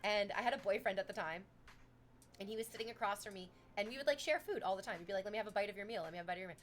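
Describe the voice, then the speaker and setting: Young woman from Canada, livestream chat, animated storytelling, casual swearing, soft background music. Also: medium pitch, racing. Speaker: streamer chatting with chat.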